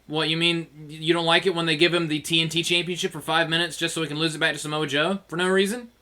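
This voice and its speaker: A man co-hosting a casual podcast, telling stories in an animated way and laughing often. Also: on the high side, fast. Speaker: podcast co-host. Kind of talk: casual chat.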